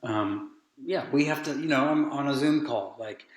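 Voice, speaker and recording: In a roomy, echoing space, a man with a mid-range voice tells a family story at normal speed. He speaks earnestly and casually, animating the people he quotes as he retells their words.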